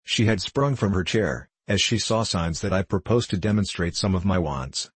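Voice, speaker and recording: A man narrating an audiobook in a measured, deliberate storytelling manner. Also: sits low, animated, breathy edge, no room sound.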